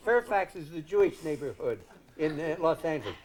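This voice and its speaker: Brief: older male comedian, rambling anecdotal storyteller, lightly high voice. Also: expressive, a little fast, a crowd in the background. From Indiana, United States. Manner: rambling and chuckling, acts out quotes. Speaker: guest comedian. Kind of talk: anecdotal talk-show storytelling.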